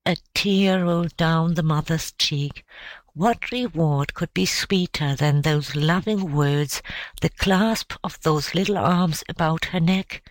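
A woman narrating an audiobook story in a measured, steady reading voice. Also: low-pitched, no room sound. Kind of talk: scripted narration.

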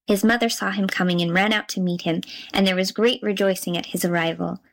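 Female storybook narrator, mid pitch, measured and gently expressive telling. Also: gravelly, low-quality recording. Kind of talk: storybook reading.

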